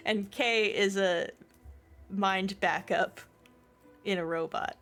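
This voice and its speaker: A woman's voice: mid-range voice, steady tone, very slow, fairly bright tone, soft background music. A woman streaming a game, casually chatting and reading its text aloud, laughing easily and swearing when annoyed.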